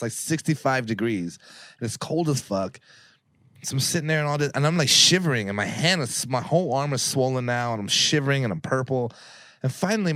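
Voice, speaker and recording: A man's voice: mid-range voice, a bit bright, no echo. A man telling a personal story on a podcast in a casual, rambling way, swearing freely and acting out what people said. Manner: profane, rambling, acts out quoted people.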